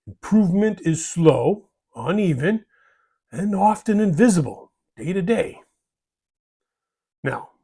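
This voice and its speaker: A man's voice: a little high, darkish tone. A man hosting a hobby channel, delivering a scripted monologue in a folksy way, ending lines with "eh?" and "bud".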